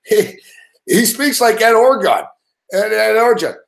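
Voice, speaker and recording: Man, live stream host, casual, profane, laughing, slightly high voice. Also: big pitch swings, normal speed, gravelly. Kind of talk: casual live reaction chat.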